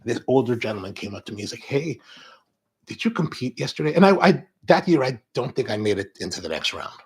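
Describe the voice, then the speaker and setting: A man hosting a coffee show, chatting with viewers and telling animated stories. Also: mid-range voice, a little fast, husky. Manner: animated storytelling, acts out quoted exchanges. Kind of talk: live-stream chat with viewers.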